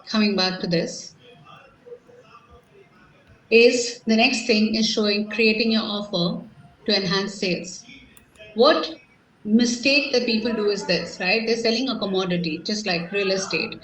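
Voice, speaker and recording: A woman's voice: medium pitch, fairly bright tone, a little hiss or hum. Emphatic Indian woman coaching an audience. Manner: emphatic, rhetorical questions to the audience. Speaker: sales coach. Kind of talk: live motivational seminar talk. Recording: echoey room, distant mic, faint ambience.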